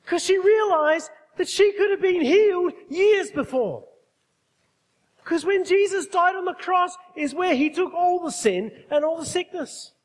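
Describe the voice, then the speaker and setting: High-voiced preacher in a hall. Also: male voice, expressive, unhurried. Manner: emphatic, asks the congregation questions. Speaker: pastor. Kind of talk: sermon.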